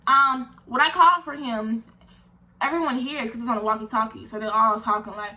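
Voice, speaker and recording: A young woman, telling an animated, indignant storytime vlog full of slang. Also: fairly high pitch, fairly quick, noisy background. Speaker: vlogger.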